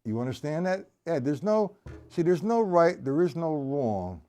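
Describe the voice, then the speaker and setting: A man runs a live-streamed drum lesson. He talks in a relaxed, explanatory way and keeps counting the beats out loud as he demonstrates. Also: on the high side, a little slow. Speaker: drum teacher.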